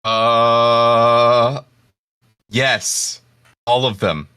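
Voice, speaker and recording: A man's voice: mid-range voice, little pitch movement, extremely slow, bright, forceful tone, clean tone. A man on a podcast panel as a voice actor, chatting casually and explaining his methods in a rambling, self-correcting way.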